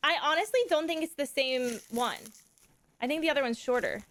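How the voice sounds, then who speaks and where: A young woman and mother chatting casually on a live stream, excitable and gushing. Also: high voice, fairly quick. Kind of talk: casual chat.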